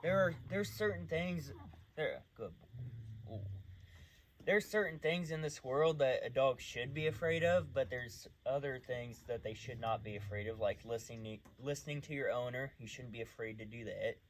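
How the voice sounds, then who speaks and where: A man's voice: mid-range voice, moderate pace, hardly any pauses, slight background noise. Man training a dog, rambling and firm. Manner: rambling, gives short firm commands to a dog. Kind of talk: casual talk while training a dog. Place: outdoors at night.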